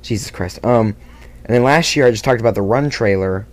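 Rambling, self-critical guy with a lowish voice. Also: fairly quick. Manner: rambling, self-critical, many fillers and restarts. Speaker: video creator. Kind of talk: casual behind-the-scenes vlog talk.

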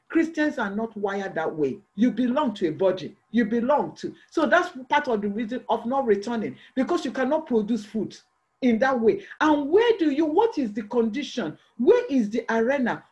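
A preacher delivering a church sermon, pressing the listeners with repeated rhetorical questions. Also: medium pitch.

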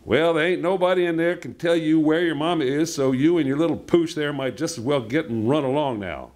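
A man's voice: a little high, a little fast, a little mellow, voice pushed up, natural voice. A man voicing a dismissive small-town door guard, drawling and offhand.

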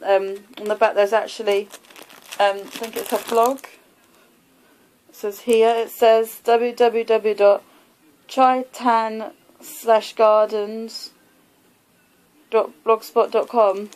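A woman's voice: mid-range voice, a little mellow, poor audio. Chatty young woman vlogging. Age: 20s. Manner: chatty and rambling, many fillers like um and like. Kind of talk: casual haul video.

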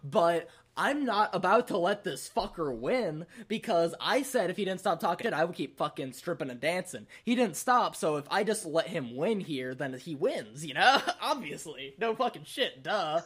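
A man's voice: high-pitched, expressive, normal speed, hardly any pauses, fairly bright tone, breathy edge. Profane young man telling a wild story. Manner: profane, rambling, laughing often. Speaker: podcast host. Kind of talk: casual storytelling.

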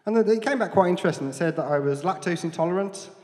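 Self-mocking comedian with a Black Country accent. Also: male voice, high-pitched, expressive, fast talker, a little mellow, in a large hall. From Dudley, England. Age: 40s. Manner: self-deprecating, dry, chatty with the crowd. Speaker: stand-up comedian. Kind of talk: stand-up set. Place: comedy club stage. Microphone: handheld mic.

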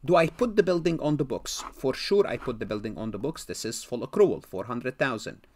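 A man's voice: mid-range voice, animated, brisk, darkish tone. A man giving a recorded accounting lecture, posing questions and answering them himself and repeating key words for emphasis.

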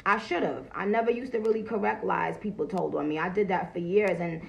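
A woman, talking loudly and profanely on a phone livestream and greeting viewers as she goes. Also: mid-range voice, brisk, creaky, poor audio. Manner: loud, profane and animated, greeting viewers between points. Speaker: livestream host. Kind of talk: casual livestream talk.

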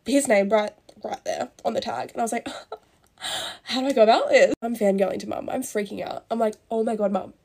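A woman's voice: fairly high pitch, fairly even intonation, vocal fry, a little mellow. A young woman telling a chatty, gossipy story while getting ready, full of "like" and casual swearing. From Australia. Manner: fast, gossipy, heavy use of "like", swears casually.

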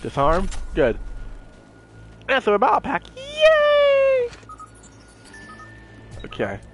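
A man doing casual let's-play commentary, excitable and goofy, playfully scolding characters in the game. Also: a little high, normal speed, over loud music. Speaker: gameplay commentator.

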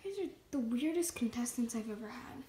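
A woman hosting a pretend competition show, playful and halting, with frequent fillers. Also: fairly high pitch, expressive, dark tone, echoey room, low-quality recording. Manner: halting, with many fillers and restarts. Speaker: host of a toy competition show.

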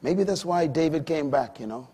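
A man in his fifties preaching a sermon, emphatic, moving between loud declarations and quiet asides. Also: a little high, expressive, normal speed, husky.

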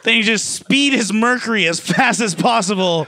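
A man's voice: high voice, moderate pace, sharp tone, a faint crowd, a little hiss or hum. A man doing a stand-up comedy routine in a casual, profane style, full of "like" fillers.

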